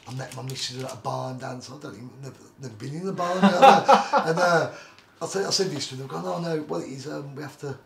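Talking fast and creakily with hardly any pauses, a middle-aged former journeyman boxer with a slightly high voice spins rambling tales as an interview guest, leaning on "like I say" and "do you know what I mean." A crowd can be heard behind him, along with roomy echo and faint background noise.

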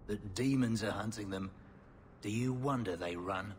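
An actor playing a streetwise, wry smuggler in a video game, talking in a gruff, matter-of-fact way. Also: male voice, fairly low pitch, moderate pace, big-room sound, slight background noise, natural voice. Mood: earnest.

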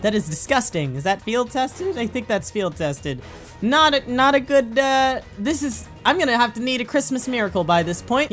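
Excitable, jokey woman with a higher voice. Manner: excitable, jokey, squeals and shouts at near-misses. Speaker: gaming video creator. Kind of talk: excitable gameplay commentary.

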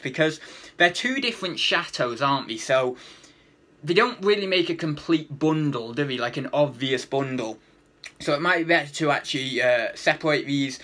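A man's voice: on the high side, bright, forceful tone. A man chatting casually through a reselling haul video, rambling and thinking aloud with plenty of fillers. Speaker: online reseller.

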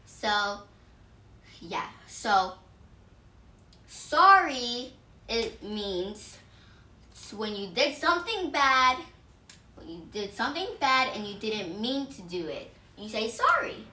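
Woman vlogger, earnest simple explaining, slow and lively, echoey room away from the mic. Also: fairly high pitch, distant mic. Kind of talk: casual explainer vlog.

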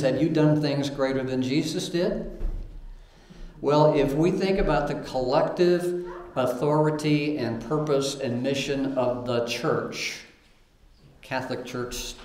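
A man's voice: medium pitch, darkish tone. A man preaching a sermon, reading scripture aloud between plain remarks, with fillers and repeated starts. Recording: roomy echo.

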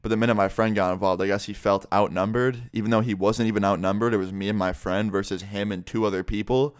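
A man's voice: lowish voice, fairly even intonation, fast, dry recording, studio quality. A young adult man vlogger telling a story in a blunt, casual way, full of swearing and "like".

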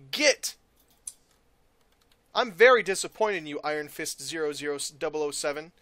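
A man doing gameplay commentary, with loud exaggerated outbursts, yelling and groaning as his character dies. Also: on the high side, steady tone, measured pace, pauses often. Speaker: let's player.

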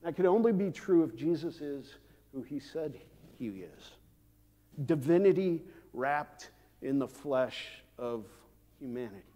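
A man preaching a sermon as pastor, measured and unhurried, with frequent "uh" fillers and the odd dry aside. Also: fairly high pitch, lively intonation, warm tone. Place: church sanctuary. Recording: long church hall reverb.

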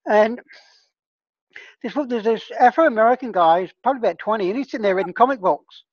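A woman's voice: on the high side, lively intonation, brisk, dry recording, muffled recording. A woman who trains healers, leading an online discussion group in a casual, earnest teaching tone and often checking in with her listeners.

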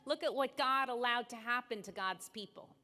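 A woman's voice: fairly high pitch, normal speed, bright, forceful tone. A woman in a sermon voicing God as a grieving figure who pleads to be allowed to weep. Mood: anguished. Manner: pleading, anguished. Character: grieving, weeping God begging to cry. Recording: long hall reverb in a sanctuary.

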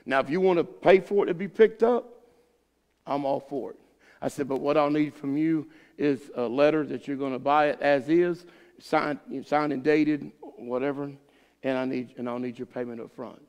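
A man's voice: fairly high pitch, normal speed, darkish tone, long reverb tail. A man pastor teaching a Bible study, telling a folksy, rambling story full of restarts. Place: church sanctuary.

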